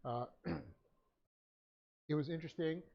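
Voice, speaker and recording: A man with a somewhat high voice leads a Bible study class, dictating his notes in a halting way that is full of fillers and restarts. The audio is a dull, lo-fi stream recording. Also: creaky. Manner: halting, frequent uh fillers and self-corrections.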